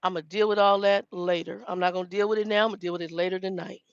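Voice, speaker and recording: A woman's voice: mid-range voice, steady tone, quick pace, no echo. Woman, 50s, trucker vlogger, storyteller who quotes herself, dry slightly dull recording. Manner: chatty storytelling, quoting herself. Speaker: truck driver trainer. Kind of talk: casual chat to viewers.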